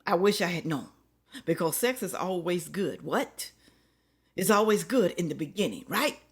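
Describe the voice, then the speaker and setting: A woman's voice: on the low side, lively intonation, normal speed, breathy edge. A woman giving casual, opinionated commentary to her viewers, emphatic and preachy, hammering points home with repeated rhetorical questions. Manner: colloquial talk that drops into whispers for emphasis. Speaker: reaction video commentator.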